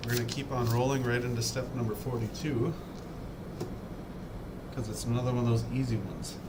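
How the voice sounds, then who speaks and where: A chatty man with a North Dakota accent, talking at an ordinary pitch in loose, rambling, self-deprecating asides. He is streaming from home and the recording carries a loud, steady noise beneath his voice. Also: fairly quick. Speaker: livestream host building a model kit. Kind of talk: casual live-stream chat. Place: home, indoors.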